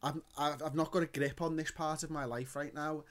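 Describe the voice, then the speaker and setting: A man in his thirties chats as a podcast co-host, with a slightly high voice. He tells stories with animated, sweary emphasis. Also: brisk. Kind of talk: casual chat.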